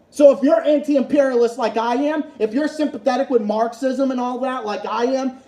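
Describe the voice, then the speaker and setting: A man rants into his livestream, cursing constantly and hammering the same points over and over. His voice is dark and mellow even at full fury, and it rings in an echoey room. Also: very high-pitched. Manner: profane, furious, repetitive. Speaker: livestream host. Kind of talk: angry political rant.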